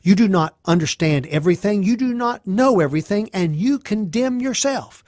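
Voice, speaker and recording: A man's voice: high-pitched, dry recording, studio quality, exaggerated voice. A man doing a stern, preachy accuser. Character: stern self-righteous male friend lecturing.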